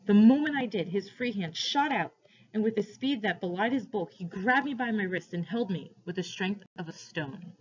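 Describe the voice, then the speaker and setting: A woman teacher reading a novel aloud to students, with steady, expressive narration, in a dull lo-fi recording. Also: medium pitch, moderate pace, slight background noise.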